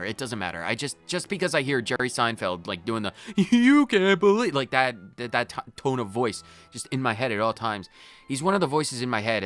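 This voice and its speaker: A man's voice: mid-range voice, a bit bright. A man hosting a game playthrough, commenting in character with a theatrical, wry manner. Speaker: gaming channel host. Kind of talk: role-played game commentary.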